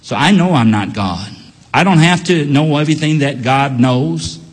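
A man's voice: a little high, moderate pace, breathy edge, long reverb tail. A man preaching a sermon in an earnest, emphatic way, repeating key phrases and telling a story.

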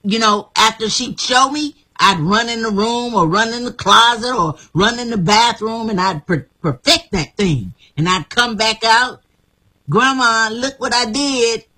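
Slow, bright-voiced woman motivating listeners. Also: a little high, husky, low-quality recording. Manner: emphatic, repetitive motivational talk. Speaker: guest. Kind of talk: inspirational personal story.

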